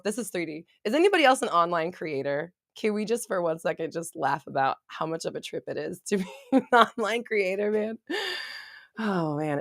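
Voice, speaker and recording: A young adult woman talks straight into the mic on a livestream, candid and easygoing, laughing often and swearing casually. Her voice sits slightly low for a woman. The sound is close and dry, with almost no room echo. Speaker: manifestation coach and online creator. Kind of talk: casual livestream chat reading comments.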